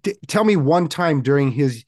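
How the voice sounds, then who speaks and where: A man's voice: fairly high pitch, animated, normal speed, a little mellow, no echo, clean studio sound. A man co-hosting a casual sports betting chat, chatty and rambling, laughing often. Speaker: podcast co-host making picks.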